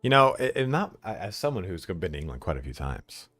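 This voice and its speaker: A man's voice: low-pitched, very animated, brisk, a bit bright, no echo, faint music behind. A man streaming a game live, chatting casually with viewers and laughing often.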